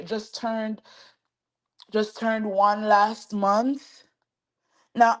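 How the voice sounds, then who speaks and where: A woman hosting a celebrity gossip show, giving chatty, animated commentary and talking straight to her viewers. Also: fairly high pitch. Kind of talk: casual commentary to camera.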